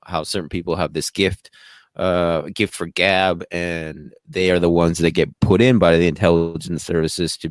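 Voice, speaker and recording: A man hosting an interview, asking questions haltingly with many filler sounds. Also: sits low, no echo. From United States. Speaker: podcast host.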